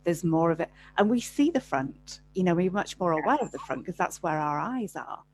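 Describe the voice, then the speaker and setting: A woman guest in a spiritual conversation over a video call, speaking gently and reflectively. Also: lowish voice, lively intonation, normal speed, rough recording.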